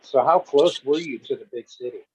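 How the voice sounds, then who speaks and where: A man's voice: mid-range voice, normal speed, a little mellow, slightly rough, dry recording, low-quality recording. A man chatting casually on a podcast, giving short, sympathetic reactions. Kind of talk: casual chat.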